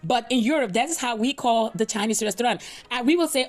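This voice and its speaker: A woman's voice: on the high side, fast talker. A woman from the Dutch Caribbean whose first language is Papiamento, chatting casually to viewers as a reaction host and often checking that they understand. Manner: chatty, rambling, asks "you understand?" often.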